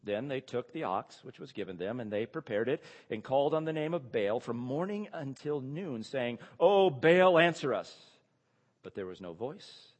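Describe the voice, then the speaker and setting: Animated preacher in an echoing hall. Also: male voice, medium pitch. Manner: animated, rhetorical questions, chuckling asides. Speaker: pastor or Bible teacher. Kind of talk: expository sermon. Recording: long reverb of a large hall.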